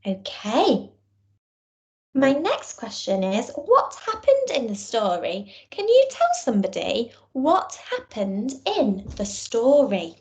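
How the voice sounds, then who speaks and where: A woman teacher, giving a recorded lesson and reading a storybook aloud to young children in a clear, encouraging way. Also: on the high side, takes it slowly. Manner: encouraging, clear and expressive, speaking to small children. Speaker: primary school teacher.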